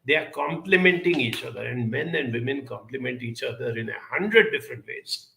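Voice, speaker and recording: A man giving advice and answering audience questions in an earnest, measured way, pausing often with 'uh' between phrases. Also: medium pitch, expressive, gravelly, sharp tone, reverberant, slight background noise. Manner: measured, earnest, with frequent pauses and 'uh' fillers. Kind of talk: advice talk.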